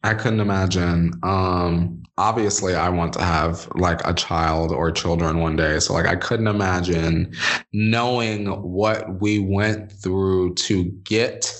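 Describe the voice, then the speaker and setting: A man chatting casually as a podcast guest, animated and sassy, jumping up into high exclamations. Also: slow. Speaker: podcast guest, former reality show contestant.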